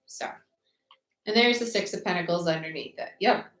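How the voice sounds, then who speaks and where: A woman with a lowish voice gives a live tarot reading in a chatty, quick way, running through the cards one after another. Her voice bounces around an echoey room, with a faint hiss underneath. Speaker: tarot reader.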